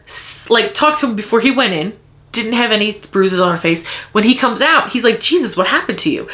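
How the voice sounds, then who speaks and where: A woman reviewing books in a casual vlog, voice pitched a bit high and bright with a tense edge. She rants in a heated way, swears freely and hammers her points home by saying them twice. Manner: heated ranting, frequent swearing; repeats lines for emphasis. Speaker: book reviewer.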